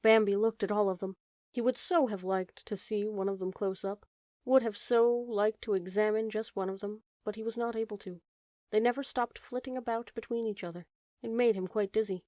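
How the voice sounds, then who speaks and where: A woman narrating a classic animal fairy tale as an audiobook, reading in a slow, measured way. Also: medium pitch, steady tone, mellow, no echo, studio quality. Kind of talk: scripted storybook narration.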